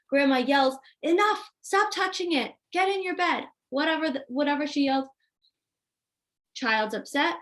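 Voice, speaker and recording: Higher-pitched woman coaching parents. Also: a bit bright. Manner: reads questions aloud, acts out example dialogue. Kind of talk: live Q&A answering viewer questions.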